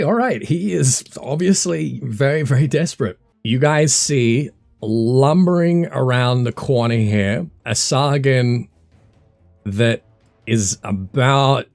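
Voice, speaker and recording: A man running a tabletop game as dungeon master, talking in a relaxed, hesitant way with many fillers. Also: mid-range voice, vocal fry.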